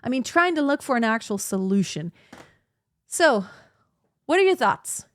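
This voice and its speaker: A woman's voice: a little high, big pitch swings, moderate pace, no room sound. A woman hosting a podcast, talking through advice in a casual, reflective way and filling her speech with "like.". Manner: chatty, reflective, heavy use of "like". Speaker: podcast host.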